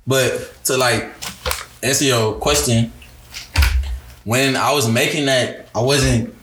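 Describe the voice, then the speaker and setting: A man's voice: medium pitch, fairly even intonation, slow, noisy background. Young man rambling in a roomy room. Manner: laid-back slang, rambling with many restarts. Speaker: guest musician. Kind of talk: casual podcast interview. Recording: roomy echo.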